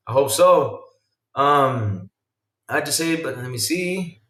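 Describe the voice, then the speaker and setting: Man, casual live-stream host, animated exclamations, reads chat aloud, roomy echo, sits back from the mic. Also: medium pitch, slow, distant mic. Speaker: podcast host reading chat.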